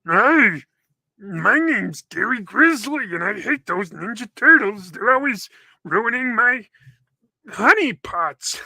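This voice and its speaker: Give me a grumpy grizzly bear mutant villain from a cartoon, done by a man, loud and slow in his complaints. The voice stays bright and raised and is recorded dry. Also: high-pitched, very animated, vocal fry, no echo, voice pushed up, heavily acted.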